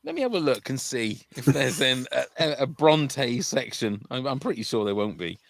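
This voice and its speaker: A man's voice: medium pitch, very animated, normal speed, gravelly, no echo. A man hosting a charity podcast livestream in casual, jokey chat, often tripping over his words. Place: home room during a livestream.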